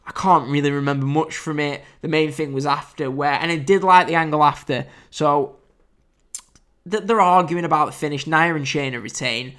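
A man's voice: a little high, fairly even intonation, normal speed, a bit bright, smooth. A British man with an English accent, hosting a casual solo wrestling review podcast, chatty and wry with frequent fillers and restarts. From United Kingdom.

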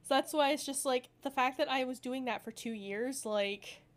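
A young woman rambles through a casual podcast chat, full of fillers and quick laughs. Her voice sits a little high. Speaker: podcast co-host.

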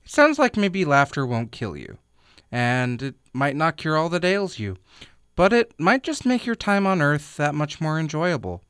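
Smooth-voiced male podcast host. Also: a little high, big pitch swings, a bit bright, dry recording, studio quality. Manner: measured, read from a script. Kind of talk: scripted narration.

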